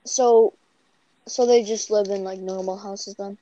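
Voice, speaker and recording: A woman's voice: medium pitch, steady tone, a little slow, mellow, muffled recording. Young Canadian woman rambling casually. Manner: rambling, heavy use of "like" and "bro". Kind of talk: casual chat.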